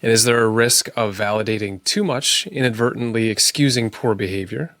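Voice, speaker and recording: A man co-hosting a podcast, putting relaxed, casual questions to his guest. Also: lowish voice, a little fast, no echo, studio quality. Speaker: podcast co-host.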